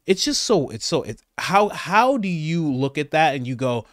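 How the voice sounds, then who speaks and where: A man delivering casual commentary on news clips, sarcastic and excitable, with his pitch rising and falling a lot. He rambles and restarts mid-sentence. The sound is dry and close to the mic. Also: moderate pace, few pauses, dry recording. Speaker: host, political commentator.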